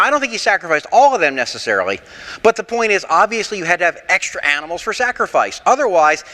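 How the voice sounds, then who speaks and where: A man leading an interactive sermon class, animated and rhetorical with a sarcastic streak, taking questions from the room in a church. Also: on the high side, big-room sound. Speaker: pastor teaching a Bible class.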